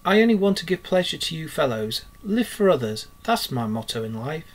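A man voicing a boastful, excitable male toad gentleman in a grand, pompous manner, read aloud from a storybook. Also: fairly high pitch, a little fast. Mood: coaxing.

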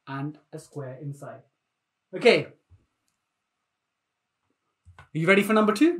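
Playful maths teacher. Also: male voice, high-pitched. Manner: energetic, playful, repeats himself. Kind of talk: live online maths lesson for children.

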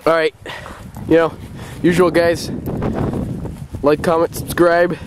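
A man filming his dog on a rural front lawn and calling to her in high sing-song calls with chuckling asides. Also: level tone, takes it slowly, long pauses. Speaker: vlogger. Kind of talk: casual vlog, playing with his dog. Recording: outdoor recording with clear background noise.

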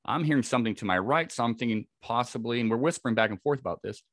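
A man's voice: medium pitch, animated, very fast, a bit bright, no room sound, clean studio sound. A man, a podcast guest, telling a vivid first-person encounter story with frequent restarts. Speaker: podcast guest, Bigfoot researcher.

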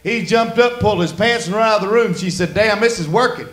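A man's voice: sits high, a little fast, fairly bright tone, reverberant. A man doing a crude stand-up comedy set, drawling through stories and acting out the voices. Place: comedy club stage before a laughing audience.

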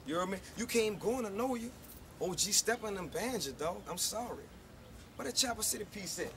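A man's voice: high voice, expressive, brisk, a crowd in the background. A man with a New Orleans accent, a rapper, giving an unscripted, profane and boastful rant to the camera on a neighborhood street. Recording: loud street noise with passing cars.

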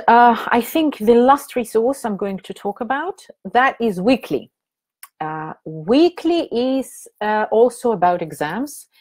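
A woman who trains teachers presents a webinar in a mid-range, slightly mellow voice. She is chatty but hesitant, with many fillers and restarts.

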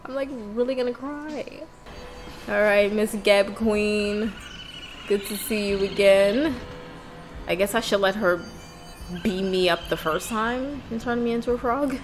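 A woman giving excitable let's play commentary as host of a gaming channel, with loud outbursts and swearing. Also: medium pitch, unhurried, soft background music.

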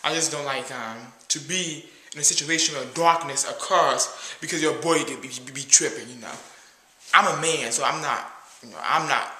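A man's voice: a little high, moderate pace, pushed and bright, echoey room. A man playing a stingy, jittery date guy. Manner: boastful, jittery, talks about himself as "your boy". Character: cheap, nervous male date who boasts. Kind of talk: comedy skit.

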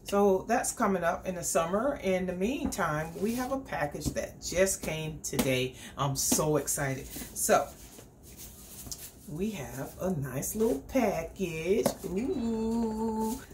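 Chatty, excitable woman unboxing at home. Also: mid-range voice, slow, background noise. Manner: chatty and excitable, talks straight to viewers. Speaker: beauty vlogger. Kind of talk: casual unboxing vlog. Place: home indoors.

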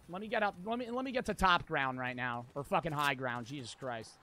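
High-voiced guy streaming a game, bright tense tone, cussing and roasting his chat. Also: a little hiss or hum. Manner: brash and profane, answers chat with quick irritation. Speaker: streamer playing a battle royale game. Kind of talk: casual live-stream commentary.

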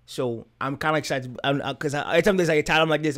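A man's voice: on the high side, racing, a bit bright. A young man co-hosting a reaction video, talking loosely and enthusiastically with lots of fillers. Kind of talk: casual reaction chat.

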